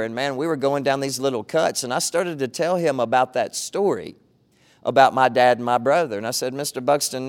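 A middle-aged pastor delivers his sermon like a story told among friends. His voice sits at an ordinary pitch, and his tone stays earnest and conversational.

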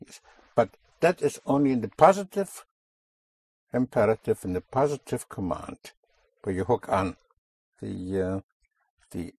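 A man's voice: low voice, a little mellow, husky, dry recording. A man teaching a Spanish lesson, patiently explaining grammar and repeating his students' answers back to them. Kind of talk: language lesson.

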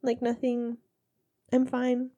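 A woman's voice: on the high side, monotone, takes it slowly, dark tone. A woman in her thirties, congested, telling stories in a casual chat with frequent laughter. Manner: chatty, laughing storyteller.

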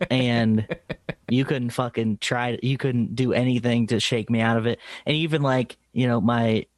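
A man's voice: medium pitch, unhurried, dry recording. A young man co-hosting a podcast, chatting casually, swearing freely and laughing as he tells stories. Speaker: podcast co-host.

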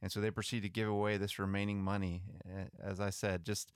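A man with a fairly low, smooth and resonant voice tells church history stories in a relaxed, chatty way, often restarting his sentences. The sound is close and dry, with no room in it. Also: fairly quick, dry recording. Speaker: podcast co-host. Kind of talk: casual storytelling about missionary history.

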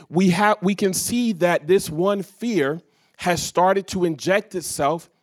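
A man preaching a sermon to a live congregation, telling stories full of quoted dialogue. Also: high-pitched. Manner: storytelling with quoted dialogue, varied loudness. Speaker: pastor. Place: church stage before a live congregation.

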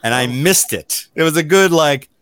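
A man's voice: on the high side, moderate pace. A middle-aged man co-hosting a podcast, telling a story in casual chat and acting out the quotes. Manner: animated storyteller, acts out quotes. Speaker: podcast co-host.

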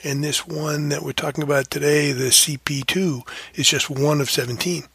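Husky, bright-voiced man musing on news. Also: on the high side, steady tone, moderate pace. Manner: rambling, self-correcting, frequent fillers. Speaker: podcast host. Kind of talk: casual explanatory commentary.

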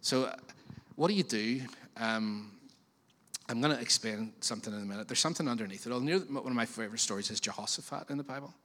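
A man preaching a sermon as pastor, in a chatty, animated way with frequent questions to the congregation. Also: mid-range voice, quick pace. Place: church auditorium. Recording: long reverb of a church hall.

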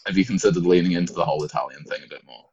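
A man's voice: low voice, very fast, a little mellow, slightly rough. A man co-hosting a podcast, making dry, wry remarks. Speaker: podcast co-host. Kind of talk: casual chat. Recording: dull lo-fi sound with faint hiss.

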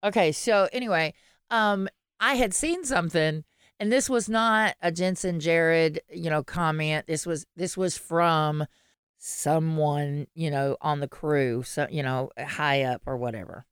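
A woman's voice: low voice, measured pace, smooth, no room sound, clean studio sound. A woman, co-hosting a podcast in casual, rambling chat, laughing often and restarting her sentences. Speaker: podcast co-host.

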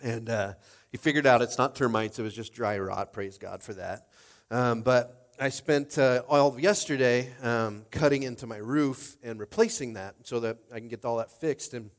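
A man's voice: mid-range voice, normal speed. A middle-aged man pastor preaching a sermon in a casual, rambling way, full of fillers, tearful and emotional.

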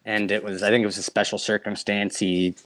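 Man, low-pitched, from Nova Scotia, umpire guest, chatty anecdotes, dry recording. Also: brisk, no room sound. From Nova Scotia, Canada. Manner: animated anecdotes, laughs often. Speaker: minor league umpire, guest. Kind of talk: casual storytelling interview.

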